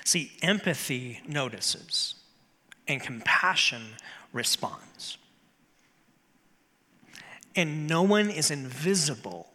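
A man preaching a sermon as pastor in a church, earnest and measured, with slow emphatic pauses. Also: fairly high pitch, bright, forceful tone. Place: church sanctuary. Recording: long hall reverb.

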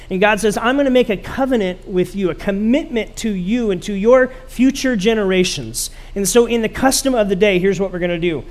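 Male pastor, higher-pitched voice, storytelling sermon, asks the congregation questions. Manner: dry sarcasm.

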